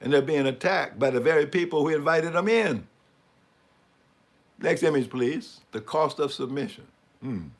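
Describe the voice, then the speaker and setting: A man's voice: fairly high pitch, expressive, normal speed, pauses often. A man giving sarcastic, mocking commentary on a live stream and asking for the next image as he talks through slides. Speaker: speaker commenting on news images.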